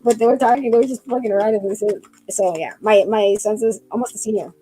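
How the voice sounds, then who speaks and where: A middle-aged woman from Mexico, chatting casually and fast, loudly and with lots of laughter. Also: mid-range voice, a little hiss or hum, low-quality recording. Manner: loud, fast, laughing talker. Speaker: stream host. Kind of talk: casual chat.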